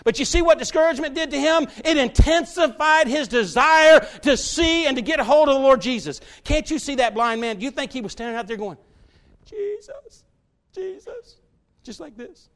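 A man preaching a sermon to his church, folksy and direct with the congregation, often building to loud, fervent stretches. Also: very high-pitched, a little fast, hardly any pauses. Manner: folksy, talks straight to the congregation, builds to shouts.

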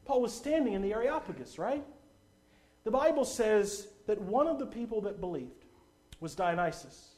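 A man's voice: high-pitched, sing-song, normal speed. A man preaching an evangelistic sermon at a church service, emphatic and fervent, reading scripture and pressing his listeners. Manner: emphatic, fervent, rising to shouts.

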